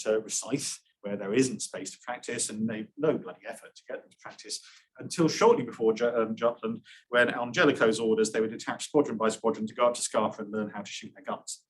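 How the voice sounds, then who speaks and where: A man presents an academic lecture at a conference. His voice sits at an ordinary middle pitch. He drops wry asides and often restarts his sentences with "um". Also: poor audio.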